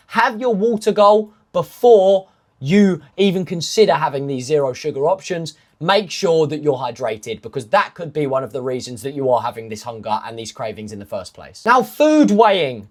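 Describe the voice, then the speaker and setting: A man, a fitness coach, talking casually through nutrition rules in step-by-step lists, with self-mocking asides. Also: high voice. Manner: emphatic, stepwise lists of rules. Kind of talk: casual instructional talk.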